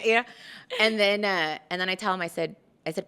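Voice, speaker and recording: A woman's voice: medium pitch, a little fast, fairly bright tone. A woman being interviewed as a podcast guest, telling an emotional story candidly, with many fillers and some phrases in Spanish.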